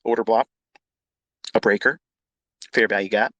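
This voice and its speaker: A middle-aged man giving a blunt, profane, unscripted rant as a trading educator hosting a live audio chat, repeating himself and swinging into loud outbursts. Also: on the low side, fairly even intonation, normal speed, no room sound, rough recording.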